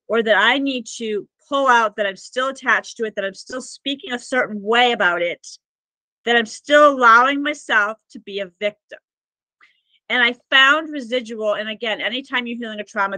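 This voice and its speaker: A spiritual healer and Akashic records practitioner tells stories as a podcast guest in a fairly high-pitched, pushed, bright voice. She's earnest and rambling, full of "like" fillers, in a low-quality recording with no echo.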